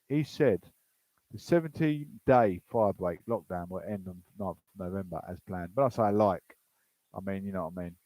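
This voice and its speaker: A man's voice: on the low side, a little mellow, no room sound, low-quality recording. A man hosting a casual political commentary show. He reads news aloud and breaks off into rambling, chatty asides.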